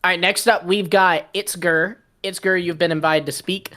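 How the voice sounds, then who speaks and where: A man's voice: sits high, steady tone, moderate pace, bright, forceful tone. A man co-hosting a casual podcast, playful and often talking over the others. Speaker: podcast co-host. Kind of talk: casual chat.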